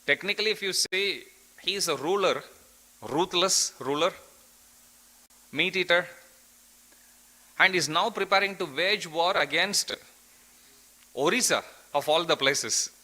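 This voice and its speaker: A man's voice: sits high, measured pace, long pauses, sharp tone, low-quality recording. A man giving an earnest devotional scripture class, telling a story and quoting verses.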